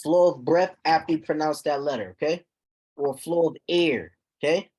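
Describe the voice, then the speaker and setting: A man teaching a recitation class, explaining terms slowly and checking on his students with repeated "okay?". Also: on the high side, darkish tone, slightly rough. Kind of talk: classroom lesson.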